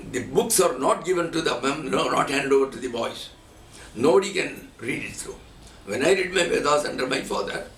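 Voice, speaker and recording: A man's voice: fairly high pitch, a bit bright. A man giving a spiritual teaching talk as a swami, telling stories and chanting Sanskrit verses as examples. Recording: echoey room from far off, faint noise.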